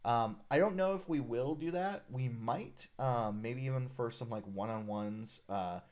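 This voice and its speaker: A man's voice: medium pitch, measured pace. Guy hosting a livestream, easygoing, lots of uhs, reading comments. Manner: relaxed, friendly, many "uh"s, reads viewer comments aloud. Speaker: live stream host, designer of a character art project. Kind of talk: casual live stream chat reading comments.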